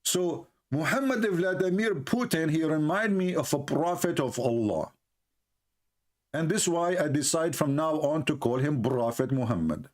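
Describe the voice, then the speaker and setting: A man's voice: on the high side, animated, moderate pace. A man who does not speak natively, hosting a livestream and mocking a played clip with sarcastic, repeated rhetorical questions. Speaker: livestream host.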